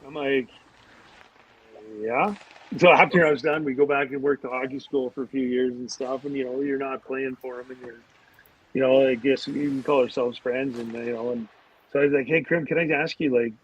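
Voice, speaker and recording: This man's husky, medium-pitched voice moves at a moderate pace as he rambles through casual anecdotes on a podcast. He's an ex-pro hockey player, restarting sentences and leaning on fillers, captured in flat, lo-fi audio.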